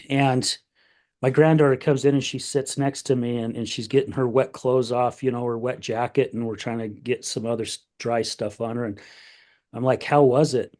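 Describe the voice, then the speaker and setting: Medium-pitched and darkish in tone, a middle-aged man hosts a podcast at a moderate pace with fairly even intonation. Chatting casually, he tells a moving family story, becoming emotional as he imitates his relatives.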